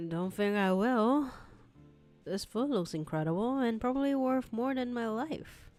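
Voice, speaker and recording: A woman's voice: on the high side, unhurried, a little mellow, soft background music. A young woman doing voice acting practice, reading her heroine's lines in a dry, sarcastic, casual way. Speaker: hobby voice actor reading a romance script.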